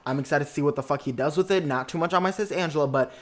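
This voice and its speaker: A young man hosting a podcast, recapping a reality show in a sassy, excitable way with lots of slang and swearing. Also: a little high, racing. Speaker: podcast host.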